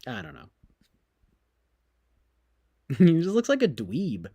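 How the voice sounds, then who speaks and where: A man's voice: fairly high pitch, wildly swooping pitch, takes it slowly, dark tone, breathy edge, dry recording. A man streaming, talking casually in a sarcastic, mocking and rambling way.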